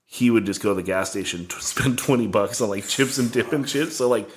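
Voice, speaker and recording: A man's voice: on the low side, a little fast, slight background noise. A man in casual podcast chat, rambling through a tour story with constant "like" fillers.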